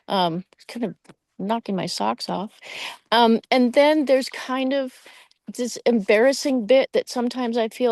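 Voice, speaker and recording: A woman's voice: on the high side, a little slow, a little mellow, no room sound. A woman joining an online book discussion from home, chatty and enthusiastic with many fillers. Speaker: reading group participant. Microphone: video call.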